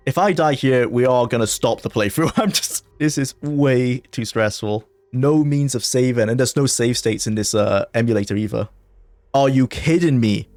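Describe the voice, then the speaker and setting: Excitable man narrating a game. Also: medium pitch, a little fast, dry recording, faint music behind. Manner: excitable, jumpy bursts of panic, frequent laughter. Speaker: gaming video creator. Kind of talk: let's play commentary.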